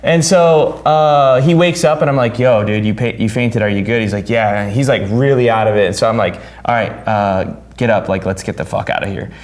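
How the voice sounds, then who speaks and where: A man hosting a podcast who tells a story in casual chat, swearing freely and loudly acting out what people said. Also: on the low side, brisk, hardly any pauses. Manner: animated, swears freely, acts out quotes loudly. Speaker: podcast host.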